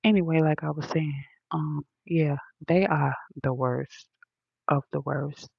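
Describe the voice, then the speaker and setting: Woman streamer, slow and gravelly, profane and preachy, dull dry lo-fi sound. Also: deep voice, steady tone, no echo. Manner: blunt, profane, preachy slang. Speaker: livestream host answering comments. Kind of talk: casual livestream rant.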